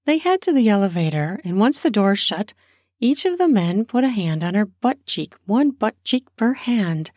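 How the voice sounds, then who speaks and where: A woman's voice: mid-range voice, very animated, moderate pace, darkish tone, no room sound, studio quality. A woman improvising an erotic story off the cuff, narrating in a spontaneous, conversational way.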